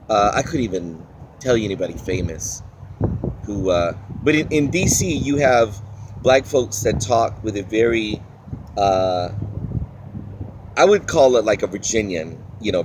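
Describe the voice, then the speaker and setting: Guy from dc w/ that dc accent, lowish voice, rambling vlog talk, keeps hunting for words. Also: a little mellow, a little hiss or hum. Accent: Washington DC. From Washington, DC. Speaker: vlogger. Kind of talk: casual accent-challenge vlog.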